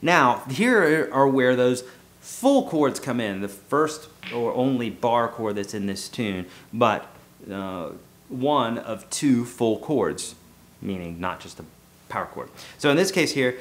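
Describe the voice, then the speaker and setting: A man's voice: mid-range voice, lively intonation, slow, fairly bright tone. A man giving a casual guitar lesson in a loose, joking, self-deprecating way. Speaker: guitar teacher. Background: guitar playing.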